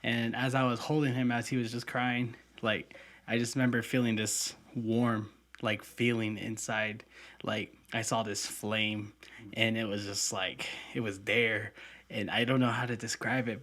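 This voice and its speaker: A young man co-hosts a podcast, speaking into a podcast mic in a mid-range voice with a fairly bright tone. He tells a personal story earnestly and from the heart, using lots of filler words.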